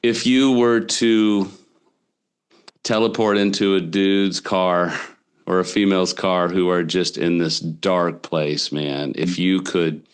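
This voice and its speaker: A man's voice: sits low, little pitch movement, takes it slowly, clear, resonant tone. A man hosting a podcast interview, talking casually and emphatically. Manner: casual, emphatic, says "dude". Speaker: podcast host.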